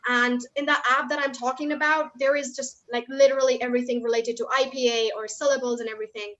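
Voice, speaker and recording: High-voiced young woman on a video call. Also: level tone, fairly bright tone. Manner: quick, chatty, many fillers like "like" and "you know". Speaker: guest speaker. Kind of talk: online Q&A session. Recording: dull lo-fi online call audio.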